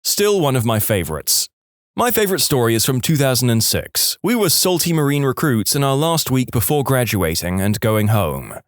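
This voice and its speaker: A man reading online stories aloud in an animated storytelling way, recorded close on a studio mic. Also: mid-range voice, moderate pace, no echo. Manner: animated storytelling, switching into voices. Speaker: narrator.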